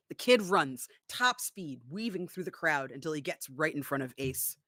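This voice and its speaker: Bright-voiced woman narrating improv. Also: deep voice, lively intonation, moderate pace, few pauses, no echo, clean studio sound. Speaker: improv storyteller.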